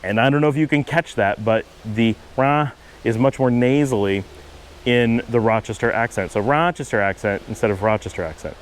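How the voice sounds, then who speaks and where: A man's voice: medium pitch, moderate pace, slight background noise, poor audio. Man with a Buffalo accent explaining. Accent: Buffalo, New York. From Western New York, USA. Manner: rambling, self-correcting, explains patiently with asides. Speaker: channel host. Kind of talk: casual explanatory monologue.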